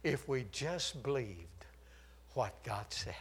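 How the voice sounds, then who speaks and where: An older man's husky, mid-range voice carries lively intonation as he preaches slowly. His sermon veers from shouted declarations to hushed stories, punctuated by chuckles at his own jokes.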